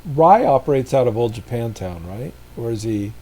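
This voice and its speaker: A man playing a character in a tabletop game, describing his actions calmly. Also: mid-range voice, normal speed, rough recording. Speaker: player. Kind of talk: tabletop role-play, in and out of character.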